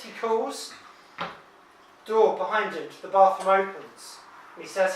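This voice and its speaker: A woman telling a spooky story to a live audience, dropping to hushed tones and bursting out loud. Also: mid-range voice, expressive, measured pace. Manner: dramatic hushed drops and loud outbursts. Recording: echoey room from far off, light noise.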